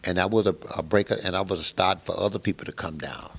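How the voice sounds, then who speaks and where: Older male musician guest, very low and gravelly voice, lively storyteller. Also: fast talker. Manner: animated storyteller who acts out the other people's lines. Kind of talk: storytelling interview.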